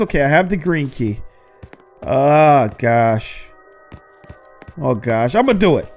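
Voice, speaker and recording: A gaming host with a mid-range voice gives excited gameplay commentary to his viewers, yelping and shouting whenever something chases him.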